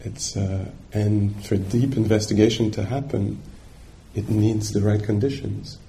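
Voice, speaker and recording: A man's voice: on the low side, level tone, unhurried, creaky, warm tone, slight background noise. A man giving a dharma talk as a meditation teacher, searching for words and checking in with his listeners.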